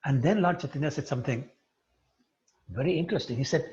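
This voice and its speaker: Speaking a little high and fast with frequent pauses, a male religious teacher animatedly retells a sacred story in a devotional lecture and questions his audience. The lo-fi recording is dull, with a slight hiss or hum.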